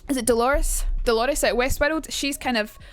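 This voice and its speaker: A woman's voice: high voice, moderate pace, soft background music. A young Scottish woman on a casual live stream, chatting and swearing freely as she talks to her chat about accents.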